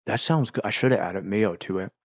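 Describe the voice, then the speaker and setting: A man's voice: on the low side, fairly quick, dry recording, highs cut off. A man from Pennsylvania hosting a casual livestream, rambling and chatting while he eats. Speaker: livestream host.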